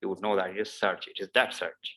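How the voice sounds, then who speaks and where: Here a low-pitched man speaks flatly, his tone bright and forceful, on a low-quality recording. Teaching pronunciation, he moves slowly, repeats each word several times, and explains with patience, often saying "obviously" and "uh."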